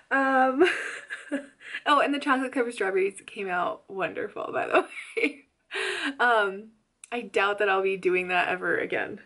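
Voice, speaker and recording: A young woman telling a story to her vlog camera in a chatty, animated way, laughing often and saying "like" a lot. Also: fairly high pitch. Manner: animated and loud. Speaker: pregnancy vlogger.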